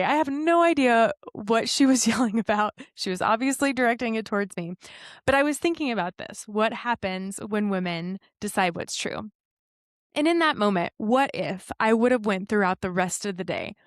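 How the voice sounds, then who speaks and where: A woman's voice: fairly high pitch, expressive, normal speed, no echo, studio quality. A woman in her thirties hosting a podcast, talking earnestly and encouragingly and telling stories with a laugh. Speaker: podcast host. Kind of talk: reflective solo podcast talk.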